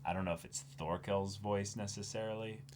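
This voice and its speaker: A man with a fairly low voice talks casually as co-host of an anime reaction show. He gets animated and slips into acted-out quotes of his own thoughts. A faint hiss of noise sits under the recording. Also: fairly quick. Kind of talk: casual chat.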